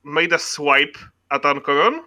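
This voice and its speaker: A young man with a fairly high, very bright voice talks through his move in a tabletop game. He sounds flustered and keeps repeating himself. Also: animated, a little slow. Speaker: player. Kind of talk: casual tabletop game chat.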